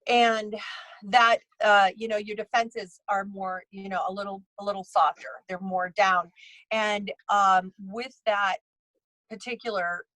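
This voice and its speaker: A woman's voice: medium pitch, fairly even intonation, measured pace, fairly bright tone, no room sound, poor audio. A woman who works as a psychic medium and bridal tailor, telling stories casually in an interview, rambling with many restarts and acting out other people's lines.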